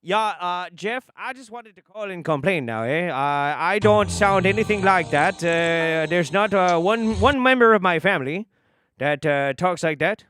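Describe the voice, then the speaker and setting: Man putting on a Canadian accent: folksy phone complainer, a bit higher and louder than his own voice. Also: animated, a little slow, smooth. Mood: mock indignant. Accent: Canadian impression. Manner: drawling, filler-heavy, ends with "eh".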